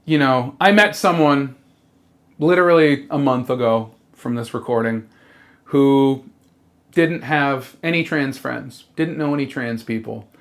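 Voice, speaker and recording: A trans person in a rambling comedic monologue, halting and sincere, with lots of fillers, restarts and casual swearing. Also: mid-range voice. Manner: swears freely.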